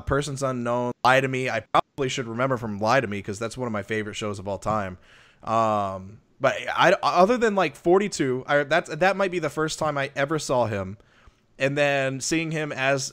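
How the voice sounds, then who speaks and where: A man with a wife and kids, co-hosting a podcast and reviewing a film in loose, rambling casual chat that gets animated when he tells a story. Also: medium pitch. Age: adult with a wife and kids. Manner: rambling, lots of restarts and fillers; animated when retelling stories. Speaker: podcast co-host.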